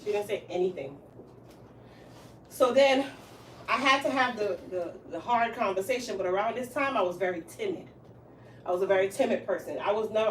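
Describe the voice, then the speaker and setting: A woman's voice: medium pitch, distant mic. A woman who runs a hair salon, telling a story in casual chat and acting out the lines of the people in it, with frequent laughter. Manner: animated, acts out quoted lines, laughs often. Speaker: hairstylist and salon owner. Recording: roomy room, voice from off mic, faint hiss.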